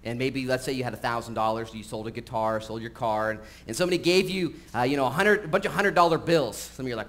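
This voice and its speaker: A man preaching a sermon in a church, talking casually with frequent fillers and getting animated as he tells stories. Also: mid-range voice, fast, hardly any pauses. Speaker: pastor. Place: church sanctuary. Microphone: live-streamed recording.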